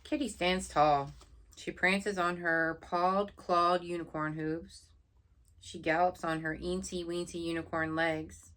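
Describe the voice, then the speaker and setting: Slow, bright-voiced woman reading a bedtime story. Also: fairly low pitch, fairly even intonation. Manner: gentle, with asides to the listener. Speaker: storybook reader. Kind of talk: bedtime picture book read-aloud.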